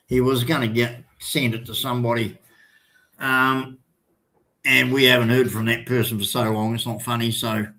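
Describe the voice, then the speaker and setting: An older Australian man hosting a livestream, chatting casually and reading out viewer comments in a rambling, halting way with many restarts. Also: medium pitch, gravelly, fairly bright tone. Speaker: livestream host.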